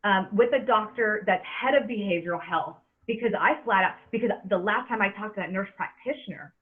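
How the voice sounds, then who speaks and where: A woman's voice: mid-range voice, brisk. A woman in her thirties hosting a podcast, speaking earnestly and with emphasis, often repeating words as she talks. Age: 30s. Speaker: podcast host. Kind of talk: casual podcast chat. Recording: tinny phone-like audio.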